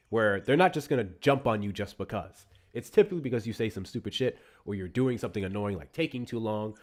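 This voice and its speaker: A man's voice: on the low side, a little mellow. A man hosting a casual political livestream, laid-back and profane, laughing often. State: recovering from illness. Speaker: livestream host. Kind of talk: casual live-stream chat.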